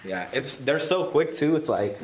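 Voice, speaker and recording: A man's voice: mid-range voice, expressive, moderate pace, recorded from a distance, background noise. Rambling young man, roomy off-mic sound. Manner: loose, rambling, heavy on "like" and "you know". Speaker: podcast co-host, new father. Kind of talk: casual chat.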